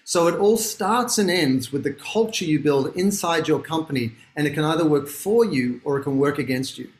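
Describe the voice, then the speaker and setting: A man's voice: on the high side, moderate pace, reverberant. A man from Australia with an Australian accent, a guest author explaining his ideas in an interview. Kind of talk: interview conversation.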